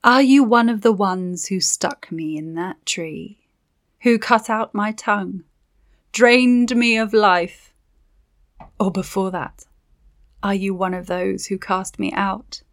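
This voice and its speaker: A woman's voice: medium pitch, slow, long pauses. A woman voicing a vengeful ancient witch. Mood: accusing. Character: vengeful ancient female witch spirit, sorrowful. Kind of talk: audiobook character voice.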